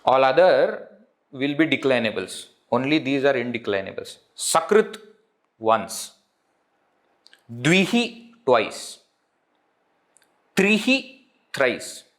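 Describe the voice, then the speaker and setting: A man's voice: medium pitch, sing-song, takes it slowly, long pauses. A man with an Indian English accent teaching a Sanskrit lesson, saying each word, repeating it, then glossing it in English, with frequent chuckles. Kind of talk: live online language lesson.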